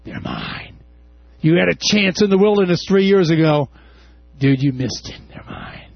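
A man voicing Lucifer as a menacing male devil with a deep growl. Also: wildly swooping pitch, moderate pace, gravelly, no echo, highs cut off, exaggerated voice.

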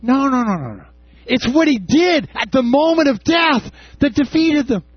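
A man preaching a sermon, impassioned, with shouted peaks and casual asides. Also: very high voice, big pitch swings, moderate pace, dry recording. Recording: dull lo-fi sound.

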